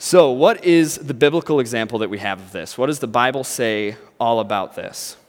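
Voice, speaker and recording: A man preaching a sermon in a relaxed, storytelling way, breaking into impressions to make his point. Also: medium pitch, moderate pace, in a large hall. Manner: casual, storytelling, animated impressions.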